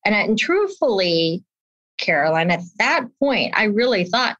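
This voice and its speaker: This is a dry, dull lo-fi recording of a woman in her fifties giving an interview. At medium pitch and a measured pace, she tells a personal story animatedly, acting out the voices of its characters.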